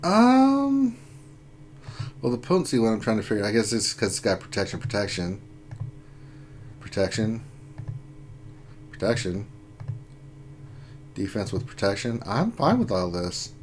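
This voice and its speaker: Male stream host, low voice, jokey and excitable, casual banter. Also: unhurried, pauses often, a little hiss or hum. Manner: laughs often, joking and excitable. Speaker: livestream host reading chat. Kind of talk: casual gaming chat.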